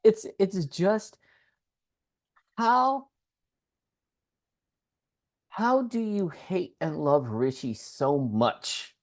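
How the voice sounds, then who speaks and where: A woman's voice: fairly low pitch, very slow, long pauses. A woman co-hosting a podcast in casual, slangy chat about a TV show. She swears freely and laughs often as she talks. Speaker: podcast co-host.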